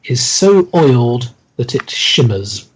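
A man narrating a tabletop game as game master, slow and hesitant with many pauses and ums. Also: mid-range voice, sing-song, noisy background.

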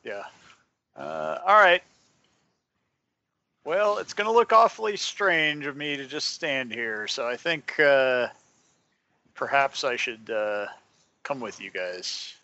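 A man's voice: medium pitch, lively intonation, takes it slowly, pauses often, pushed and bright, dry recording. A man playing a tabletop game, chatty and a little hesitant as he says what his character does, in a slightly muffled recording. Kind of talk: casual game talk.

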